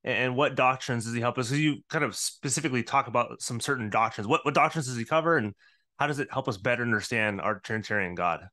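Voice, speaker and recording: A man's voice: medium pitch, fast, bright, forceful tone. A man co-hosting a podcast, asking questions informally and affirming the guest often. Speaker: podcast co-host. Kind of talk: casual interview chat.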